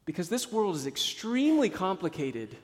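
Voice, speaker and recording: A man preaching a sermon as a pastor, telling stories and moving from hushed, low passages to emphatic ones. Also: big pitch swings, moderate pace. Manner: storytelling, swings from hushed to emphatic. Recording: long hall reverb.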